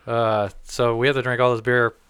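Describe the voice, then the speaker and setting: A man's voice: medium pitch, flat delivery, normal speed, fairly bright tone, clear, resonant tone, no room sound. A man hosting a podcast in casual chat, laid-back and swearing freely. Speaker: podcast host.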